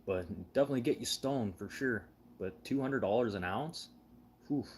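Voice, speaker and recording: A man's voice: medium pitch, moderate pace, darkish tone, a little hiss or hum. A man telling rambling, casual stories, swearing freely and laughing as he goes. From Canada. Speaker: show host. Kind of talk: casual storytelling chat.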